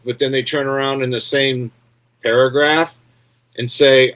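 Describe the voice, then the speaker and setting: A man's voice: medium pitch, level tone, normal speed, fairly bright tone. A man hosting a casual livestream, talking bluntly and rambling, often checking with his viewers for agreement and reading out their comments. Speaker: livestream host.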